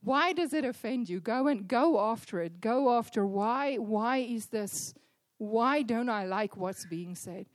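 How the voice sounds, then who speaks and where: A woman's voice: a little high, expressive, measured pace, no room sound. A woman introducing a guest speaker at church in an earnest, encouraging way. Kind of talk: pastoral introduction.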